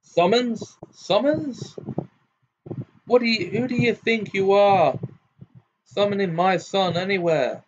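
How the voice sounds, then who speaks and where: A man's voice: on the high side, normal speed, slight background noise, pitched above the performer's own voice, natural voice. A man voicing a furious, scornful old wizard father who bellows and jeers in a muffled home recording. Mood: raging. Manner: bellowing, jeering, snarling.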